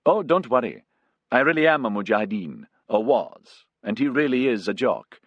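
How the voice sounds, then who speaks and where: A man voicing a friendly, good-humoured male Afghan co-pilot who jokes gently. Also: medium pitch, sing-song, moderate pace, dry recording, highs cut off, pitched above the performer's own voice. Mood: amused. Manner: gentle, grinning, easygoing.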